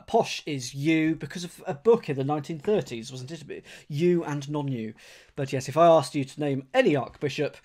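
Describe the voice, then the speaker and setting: A man streaming live, talking casually to his viewers as he works through crossword clues, thinking aloud and rereading each clue slowly. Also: mid-range voice, a little mellow.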